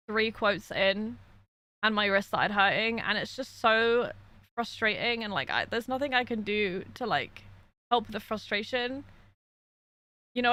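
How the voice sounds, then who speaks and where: A woman's voice: on the high side, bright, forceful tone. A young woman streaming from her bedroom, tearful after crying, venting frankly to her chat and reading messages aloud in casual talk.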